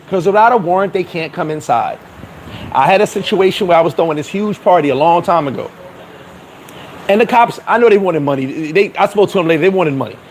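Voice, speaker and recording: A high-voiced vlogger from New York gives a casual advice monologue in a blunt, profane, streetwise manner, acting out dialogue in quoted voices. The recording is rough, with slight background noise.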